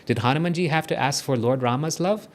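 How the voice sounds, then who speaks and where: A man with a South African accent gives a gentle, conversational devotional talk to a small group. He guides a meditation and often checks in with his listeners. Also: fairly high pitch, fast talker. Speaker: spiritual speaker leading a meditation.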